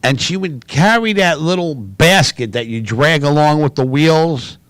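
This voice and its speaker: A man from New City, co-hosting a casual chat and telling lively family stories. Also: on the high side, a little slow, no room sound. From New York City. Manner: animated, loud storyteller. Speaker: co-host.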